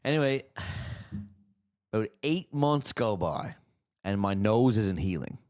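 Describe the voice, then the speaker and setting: In a fairly low voice and at a slightly slow pace, a male podcast host relaxes into a casual chat as he tells a story. He keeps tagging his sentences with "right?".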